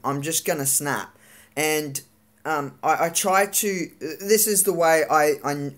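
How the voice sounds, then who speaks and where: A vlogger venting in a live-streamed rant, frustrated and swearing, with lots of halting fillers and restarts. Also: mid-range voice.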